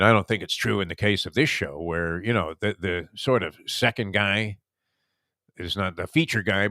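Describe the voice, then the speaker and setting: A man's voice: on the low side, bright, forceful tone, dry recording, studio quality. A man from Brooklyn, hosting a casual sports talk show and telling long, rambling stories. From Brooklyn, New York. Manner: rambling, reminiscing storyteller. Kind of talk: casual sports radio chat.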